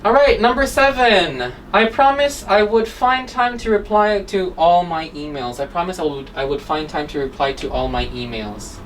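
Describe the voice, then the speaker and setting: A woman's voice: fairly low pitch, lively intonation, normal speed, few pauses, far from the mic, slight background noise, poor audio. A woman teaching an English exam-prep class, explaining word forms and checking in with "right?" and "okay?" after nearly every point.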